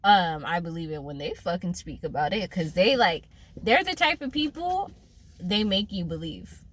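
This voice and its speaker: A woman's voice: fairly low pitch, animated, normal speed. A woman co-hosting a podcast in casual chat, blunt and joking, laughing often. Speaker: podcast co-host.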